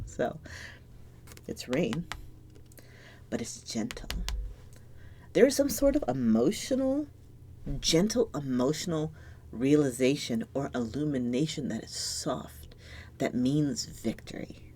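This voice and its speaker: A woman giving a solo tarot reading to camera, talking softly and reflectively, sometimes dropping to a near-whisper as she searches for words and sounds moved. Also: very deep voice, slight background noise. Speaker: tarot reader.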